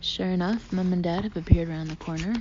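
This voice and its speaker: A woman narrating an audiobook in the first person, expressive, often sinking to a breathy half-whisper. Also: lowish voice, fast. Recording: muffled lo-fi audio with faint hiss.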